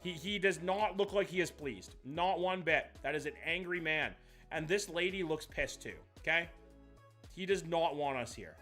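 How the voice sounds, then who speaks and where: A young man, doing live-stream commentary, reacting to chat in a jokey, profane, animated way. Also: fairly high pitch, normal speed, faint music behind.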